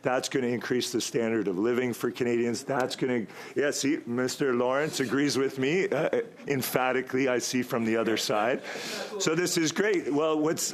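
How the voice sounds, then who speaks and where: A man at a parliamentary committee desk microphone, his voice of middling pitch and slightly hoarse, talking on and on at length. He winds through his points in a halting, rambling way, filling time as he goes. Now and then he takes a pointed jab at the other side. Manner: argumentative toward opponents. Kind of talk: long-winded committee floor speech.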